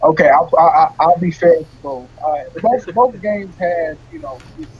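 A young man and former college football player, telling stories as an interview guest in a relaxed way, often laughing and repeating words. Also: fairly high pitch, normal speed, muffled recording, slight background noise. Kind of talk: casual interview.

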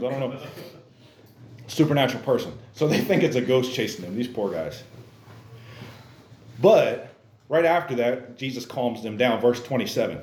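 A man preaching a casual, animated sermon in church, acting out characters in exaggerated voices and using youthful slang. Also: medium pitch, fairly quick, roomy sound. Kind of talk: lively sermon.

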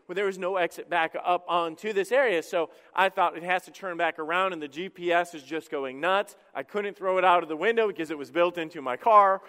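A middle-aged male pastor preaching from the stage in a church, with a high, smooth, resonant voice. He tells stories in a chatty, self-deprecating way, full of quick restarts. The sound carries a long hall echo. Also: sharp tone. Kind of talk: sermon. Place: church sanctuary.

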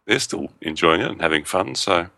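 A man with a very low voice that still has a bright, forward edge. He co-hosts a podcast in casual chat and makes dry, teasing quips. The sound is dry and close, recorded on his own mic. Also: lively intonation, a little fast, vocal fry, no room sound. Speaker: podcast co-host. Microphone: own home recording mic.

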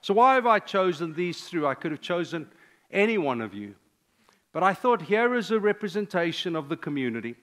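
An older man, a pastor, preaching a sermon with personal stories, sometimes dropping to a hushed confessional tone. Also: sits high, very animated, brisk.

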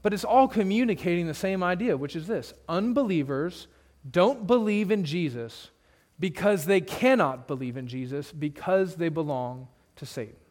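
A man's voice: high voice, expressive, moderate pace, darkish tone. A male pastor preaching an expository sermon in a conversational way, with humorous asides and points repeated for emphasis.

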